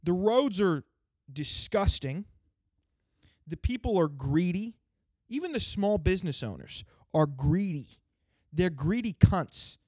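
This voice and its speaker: A man's voice: sits high, lively intonation, slow, pauses often, darkish tone, no room sound, studio quality. A man delivering an angry, sarcastic rant full of swearing. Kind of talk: ranting stand-up style monologue. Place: lives in the state he complains about.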